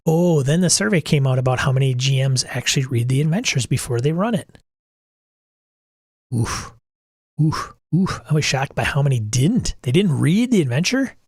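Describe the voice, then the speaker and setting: A man's voice: medium pitch, animated, moderate pace, slightly rough, no room sound, clean studio sound. Blunt exasperated middle-aged man host. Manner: blunt, exasperated, swears casually. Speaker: podcast host. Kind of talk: casual livestream talk.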